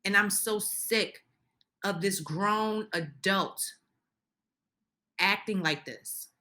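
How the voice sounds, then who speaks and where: A woman's voice: mid-range voice, very slow, sharp tone. A woman giving an opinionated recap of a reality show, ranting heatedly and indignantly, often restarting her sentences. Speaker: reality TV commentator.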